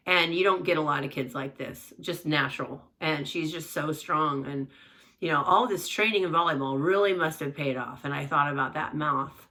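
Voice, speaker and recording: A woman's voice: sits low, moderate pace, pushed and bright, recorded from a distance. A middle-aged woman, a mother, telling a personal story in a chatty, rambling way, acting out the voices in her quotes.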